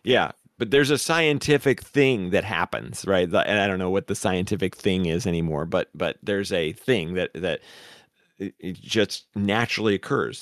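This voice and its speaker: A man's voice: sits low, dry recording, clean studio sound. A man talking casually on a podcast about role-playing, earnest and explanatory.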